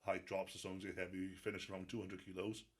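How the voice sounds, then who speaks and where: A man's voice: low voice, completely flat delivery, quick pace, slightly rough. A Welsh man telling stories in a casual interview, laughing and swearing freely. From Wales. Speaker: guest strongman athlete.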